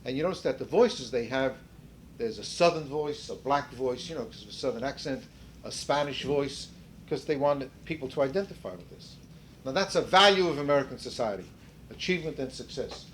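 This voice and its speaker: An older man leading a seminar speaks a bit fast in an expressive, medium-pitched voice with a fairly bright tone. He lectures conversationally, restating and restarting his sentences and asking the group questions; a slight hiss or hum is present.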